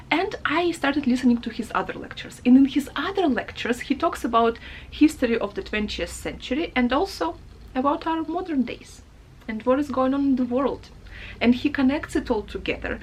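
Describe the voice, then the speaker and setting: A woman book vlogger talks casually to her viewers in a fairly high voice, with a faint hum of noise behind her. She sounds emotional and chatty, laughs a lot and trips over her words. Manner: emotional, chatty, laughs often, hesitant restarts. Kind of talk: casual chat to camera.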